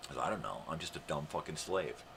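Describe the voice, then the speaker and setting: A man's voice: very deep voice, lively intonation, a little fast, background noise. An older American man hosting a live morning show, talking in a sarcastic, swearing rant. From United States. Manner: profane, ranting, heavy swearing; sarcastic, mocking.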